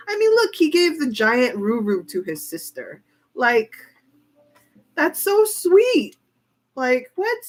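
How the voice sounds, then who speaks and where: A woman reading tarot cards in a casual, chatty way, excitable and giggly. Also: medium pitch, low-quality recording. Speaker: tarot reader. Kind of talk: casual chat.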